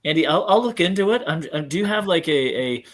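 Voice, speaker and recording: A man's voice: on the high side, expressive, fast, fairly bright tone. A man hosting a sports podcast, joking and rambling with many restarts. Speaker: podcast host. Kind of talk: casual sports chat.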